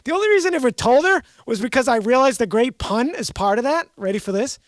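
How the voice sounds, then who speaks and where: A woman's voice: high-pitched, lively intonation, fast talker, no echo, studio quality. Chatty Boston woman telling rambling stories. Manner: chatty, rambling storyteller who loves puns. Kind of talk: casual chat.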